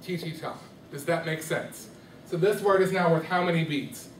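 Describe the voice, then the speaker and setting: Heard from a distance in an echoey classroom with background noise, a man with a fairly high voice teaches his class rhythm at normal speed. As their music teacher, he keeps asking questions and frequently makes sure everyone is keeping up.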